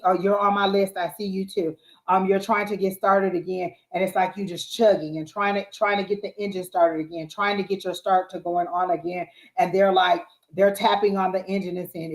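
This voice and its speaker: A woman giving live psychic tarot readings, talking in an encouraging, repetitive way with frequent fillers. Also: mid-range voice. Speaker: psychic reader. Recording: roomy echo.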